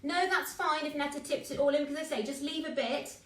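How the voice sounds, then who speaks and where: A woman's voice: high voice, fast talker, a bit bright, distant mic. A middle-aged woman teaching a live baking class, chatty and encouraging as she talks viewers through each step. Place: home kitchen. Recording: echoey kitchen, away from the mic.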